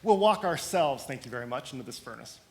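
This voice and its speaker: A man voicing three courageous women who calmly defy a ruler in a sermon story. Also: medium pitch, quick pace, voice pushed down, natural voice. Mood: resolute. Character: three defiant, courageous women speaking together.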